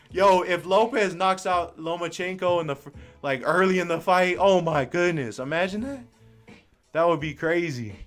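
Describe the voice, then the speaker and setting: Excitable young man calling a fight. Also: high-pitched, unhurried, soft background music. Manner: excited, exclamatory, slangy. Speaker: fan commentator. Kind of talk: live fight commentary.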